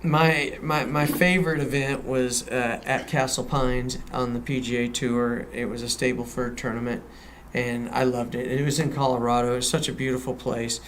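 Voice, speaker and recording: A man's voice: medium pitch, little pitch movement, normal speed, a bit bright, a little hiss or hum. Easygoing middle-aged male golfer guest. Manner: easygoing, hesitant, restarts with fillers. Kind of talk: casual interview chat.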